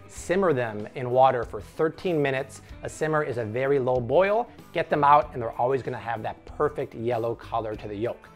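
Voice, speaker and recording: Upbeat man hosting a cooking demo. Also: a little high. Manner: upbeat, jokey, explaining as he cooks. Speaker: cooking show host. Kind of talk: casual cooking demonstration.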